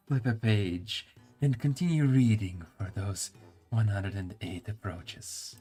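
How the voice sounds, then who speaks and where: A man's voice: fairly low pitch, takes it slowly, warm tone, breathy edge, faint music behind. Man stumbling over words while reading a game. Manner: musing aloud, stumbling over hard words. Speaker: streamer. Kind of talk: reading game text aloud.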